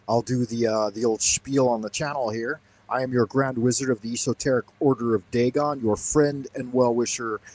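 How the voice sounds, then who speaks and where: A man's voice: mid-range voice, low-quality recording. Rambling male livestream host. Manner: rambling, playful, talks to chat commenters. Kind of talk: casual livestream chat. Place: home, Beijing.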